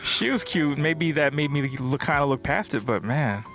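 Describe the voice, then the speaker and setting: A man's voice: fairly high pitch, expressive, normal speed, loud music behind the voice. A Filipino-American man co-hosting a podcast, talking in a laid-back, candid way with hesitant restarts. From Filipino background, grew up in the United States. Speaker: podcast co-host. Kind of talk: casual podcast chat.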